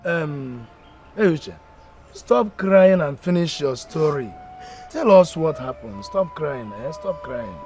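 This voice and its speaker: A calm Nigerian father. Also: on the high side, slow, soft background music. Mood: soothing. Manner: soothing, firm, repeating himself. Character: caring older father, calm and reassuring. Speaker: father figure consoling his daughter. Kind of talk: Nollywood film acting.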